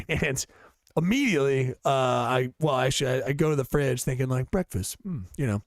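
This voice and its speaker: Gravelly, rambling podcast co-host. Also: male voice, mid-range voice, expressive, moderate pace, dry recording. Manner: profane, rambling storyteller with frequent fillers. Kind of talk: casual podcast chat. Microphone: studio podcast mic.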